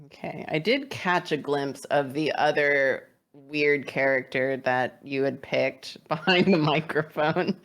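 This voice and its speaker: A woman's voice: deep voice, slow. A woman chatting casually on a charity game stream, playful and laughing often as she draws. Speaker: charity stream guest drawing characters. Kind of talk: casual chat.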